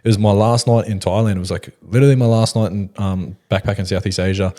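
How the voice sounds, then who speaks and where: Young Australian male podcast host; rapid, sweary, relaxed storyteller with a darker, low voice. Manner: swearing, laid-back slang, fast storytelling. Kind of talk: casual chat, storytelling.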